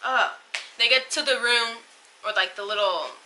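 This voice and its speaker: A young woman telling a personal story on her vlog in a casual, halting way, turning tearful. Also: on the high side, sharp tone, slight background noise, poor audio. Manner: emotional, tearful retelling, halting. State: crying at times. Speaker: vlogger.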